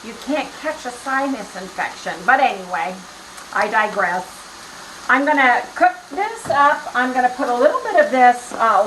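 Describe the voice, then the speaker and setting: A woman's voice: on the high side, echoey room, a little hiss or hum, low-quality recording. A woman chatting casually in a rambling way while cooking at home for her vlog. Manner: chatty, rambling, laughs often. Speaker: vlogger. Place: home kitchen.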